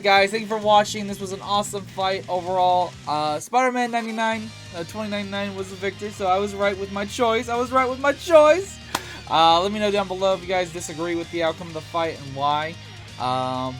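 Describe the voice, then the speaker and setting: A man hosting a reaction video, chatting casually and rambling with lots of fillers and the odd swear word. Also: high-pitched. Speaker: reaction channel host.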